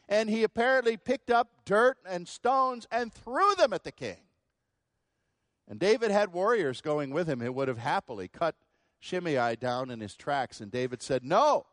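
Male preacher, dramatic delivery, dry close sound. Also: no room sound. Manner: dramatic, swings between loud quoted outbursts and low hushed asides. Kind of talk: sermon.

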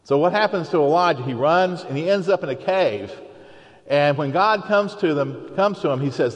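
A man's voice: fairly high pitch, lively intonation, moderate pace, highs cut off. A man preaching a sermon in a conversational, storytelling way, acting out the people he quotes. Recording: long hall reverb.

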